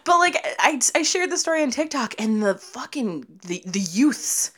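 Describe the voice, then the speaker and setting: A woman's voice: high-pitched, normal speed. A young woman in casual podcast chat, telling a family story with lots of laughter and acted-out voices of relatives. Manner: animated, laughing often, acts out quoted family voices.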